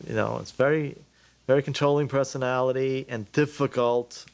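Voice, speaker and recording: A man's voice: mid-range voice, steady tone, moderate pace, gravelly. A man in a documentary interview, speaking candidly with some hesitation.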